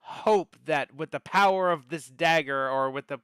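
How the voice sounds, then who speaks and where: Game master, male, smooth, dry close sound, chatty lore-teller with ums. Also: on the high side, normal speed, a bit bright, dry recording. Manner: storytelling with many fillers and restarts. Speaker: dungeon master. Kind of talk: narrating a tabletop game.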